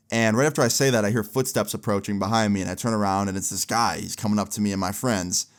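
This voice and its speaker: A man's voice: fairly low pitch, fast talker. A young man casually telling a story, animating the other people's lines as he goes. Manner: animated, acting out the voices of others in the tale.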